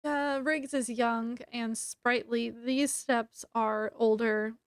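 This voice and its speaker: A young woman with a high voice talks through a novel's plot in a relaxed, unhurried way. She is chatty and laughs often, with plenty of fillers. Her voice sounds close and dry. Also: smooth, no room sound. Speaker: book reviewer. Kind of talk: casual book review retelling the plot.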